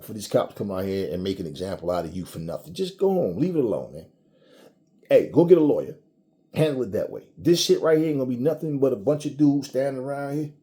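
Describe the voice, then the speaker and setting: A man's voice: medium pitch, mellow. A man ranting to his audience in a casual, blunt, profane way, often restarting his sentences. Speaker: commentator. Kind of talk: casual rant to camera.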